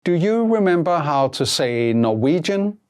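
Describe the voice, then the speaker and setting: A woman hosting a language lesson, speaking slowly and clearly and repeating each word twice. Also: deep voice, big pitch swings, darkish tone. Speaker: language teacher host.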